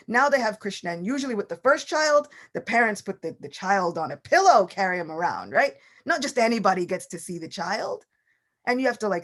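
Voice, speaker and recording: Woman, scripture class, storytelling, lively, acts out dialogue. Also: medium pitch. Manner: lively storyteller acting out characters' lines. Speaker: class speaker.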